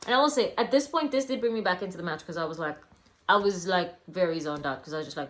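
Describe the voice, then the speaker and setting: A woman's voice: on the low side, fast talker. A young woman casually reviewing a wrestling event, rambling with lots of fillers and self-corrections. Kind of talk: casual solo review vlog.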